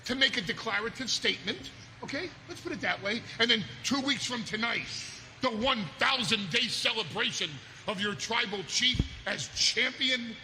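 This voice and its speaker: A man's voice: very high voice, lively intonation, moderate pace, noisy background. A man speaking as a wrestling manager, stammering and pleading as he persuades. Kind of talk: persuasive backstage speech.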